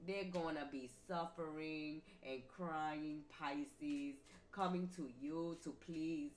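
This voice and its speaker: A woman delivers a tarot reading in a slow, emphatic, preachy way, circling back to the same phrases. Her fairly low voice sits in a roomy space with a faint hiss of ambient noise behind it. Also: fairly even intonation, darkish tone. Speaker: tarot reader.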